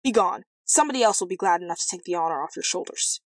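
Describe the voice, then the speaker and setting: A woman voicing a hot-tempered, blustering old king in a storybook reading, with loud huffy outbursts. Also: on the low side, animated, quick pace, no room sound. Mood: angry.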